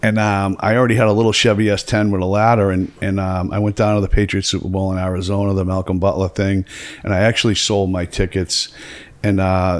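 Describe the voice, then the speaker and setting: Rambling New man telling stories. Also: deep voice. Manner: rambling, heavy on fillers and profanity. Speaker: podcast host. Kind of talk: casual storytelling chat.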